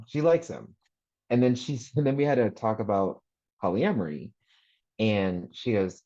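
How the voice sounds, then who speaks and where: A man's voice: medium pitch, moderate pace, warm tone. A man in casual group chat who tells stories animatedly, acting out quotes and laughing often. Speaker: panel guest. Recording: muffled lo-fi audio.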